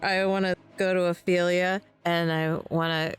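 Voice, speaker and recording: A woman's voice: lowish voice, flat delivery, moderate pace, faint music behind. A woman playing a tabletop game, chatting in an eager way at the table. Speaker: player. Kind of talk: tabletop role-play.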